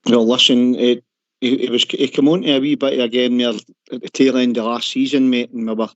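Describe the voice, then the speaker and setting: A man's voice: mid-range voice, flat delivery, fairly quick, dry recording. Emphatic co-host, man. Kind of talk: casual phone-in chat. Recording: dry, dull lo-fi.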